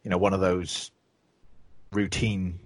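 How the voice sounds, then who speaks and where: Here the podcast host speaks low and slow, with little pitch movement, on a recording with no echo. He chats casually and spins rambling stories, swearing heavily.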